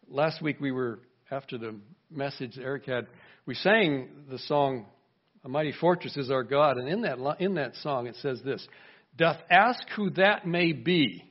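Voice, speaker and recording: A man preaching a sermon in a lively way, acting out the voices he quotes and asking his congregation questions. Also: on the high side, a little slow. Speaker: pastor. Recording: dull lo-fi recording.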